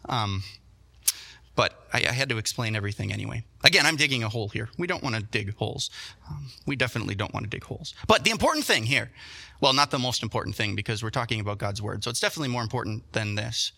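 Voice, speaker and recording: Bright-voiced animated male preacher. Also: mid-range voice, fast talker, gravelly. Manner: animated storytelling, self-deprecating asides. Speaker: pastor. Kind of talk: sermon.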